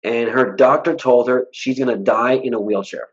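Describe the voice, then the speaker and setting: A man's voice: mid-range voice, normal speed, muffled recording. A man guesting in a casual interview, talking bluntly and acting out the people he quotes. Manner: blunt, animated storyteller who acts out quoted dialogue. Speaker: hypnotist guest.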